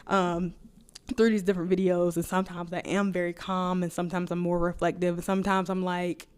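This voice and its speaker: Fast-talking, chatty young woman vlogger. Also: on the low side, level tone, clear, resonant tone. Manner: fast, rambling, chatty talk with frequent laughs. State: energized on caffeine. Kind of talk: casual chat to camera.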